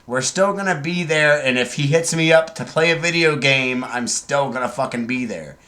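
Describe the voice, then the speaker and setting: Brash, profane young man, bright voice. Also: mid-range voice, normal speed. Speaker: podcast co-host. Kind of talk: casual chat.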